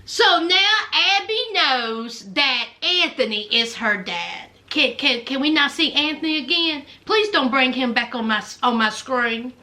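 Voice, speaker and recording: A woman's voice: sits high, unhurried, hardly any pauses, a little hiss or hum. A woman, chatting casually through a recap of a reality TV episode, dramatic and talking straight to her viewers. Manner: animated, dramatic, addresses viewers as y'all.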